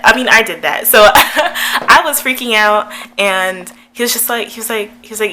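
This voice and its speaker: A young woman chats through a personal story for her vlog, giggling often and padding her sentences with fillers. Her voice is bright, and a faint hum sits under the recording. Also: medium pitch, expressive, fast, poor audio. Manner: chatty, giggly, lots of fillers. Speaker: YouTuber.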